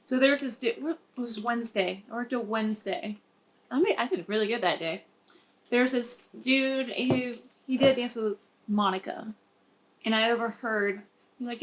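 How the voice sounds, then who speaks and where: A young woman with a high voice tells a story on a casual podcast. She is blunt and swears freely, and she acts out what each person said. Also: moderate pace. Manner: blunt, swears a lot, animated retelling. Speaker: podcast co-host, dancer.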